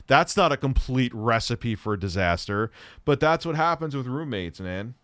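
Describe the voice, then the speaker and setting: A man's voice: medium pitch, smooth, no echo, clean studio sound. A man hosting a casual livestream Q&A, reading viewer questions aloud and answering in a rambling, profane way.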